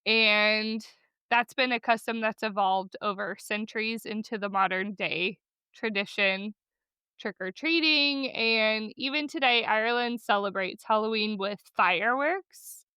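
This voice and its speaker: Chatty podcast lady, crisp clear voice, dry close sound, laughs a lot. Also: mid-range voice, measured pace, pushed and bright, no echo. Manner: chatty, enthusiastic, laughs easily. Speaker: podcast co-host. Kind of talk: casual chat.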